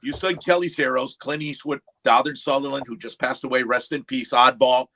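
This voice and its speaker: A man's voice: mid-range voice, brisk. An older man hosting a casual chat over drinks, telling stories and quoting movies. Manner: animated storyteller, quotes movies and friends. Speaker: livestream host.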